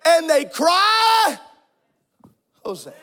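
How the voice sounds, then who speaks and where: A man preaching an impassioned sermon, swinging between sing-song shouting and hushed asides. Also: very high-pitched, big pitch swings, slow. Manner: shouting, sing-song preaching cadence with sudden drops to near whispers.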